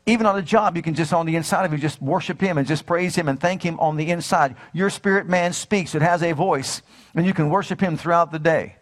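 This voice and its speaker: A man's voice: on the high side, fairly quick. A man preaching a sermon with fervor, repeating phrases and putting questions to his listeners. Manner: fervent, repeats phrases, asks the audience questions.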